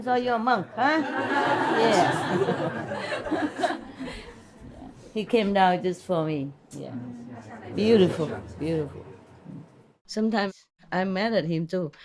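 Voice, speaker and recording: A woman's voice: mid-range voice, a little mellow. A woman spiritual teacher telling fond, teasing stories in casual chat, laughing often.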